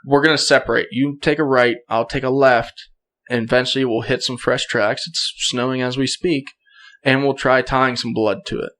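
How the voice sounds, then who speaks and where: A young man tells a story as a podcast guest, casual and animated. He acts out quoted lines and laughs often. His voice sits in an ordinary middle range. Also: mid-range voice, normal speed.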